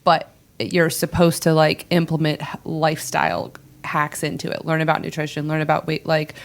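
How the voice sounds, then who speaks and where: Sex: female. Role: business owner, podcast guest. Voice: low, flat, with vocal fry. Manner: candid, opinionated, filler-heavy. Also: moderate pace. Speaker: digital marketing CEO guest. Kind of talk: casual interview chat.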